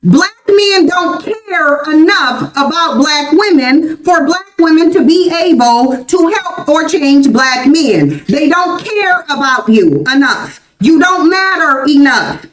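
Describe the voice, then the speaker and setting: A high-pitched, animated American woman in her forties delivers livestream commentary slowly and with few pauses. She's emphatic and keeps insistently repeating her points, and the rough recording is reverberant.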